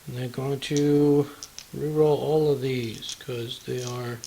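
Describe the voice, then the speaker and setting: A man's voice: mid-range voice, flat delivery, slow, creaky, warm tone, slight background noise, low-quality recording. A man hosting a tabletop wargame battle report, chatting casually through the play, counting dice aloud and throwing in playful taunts.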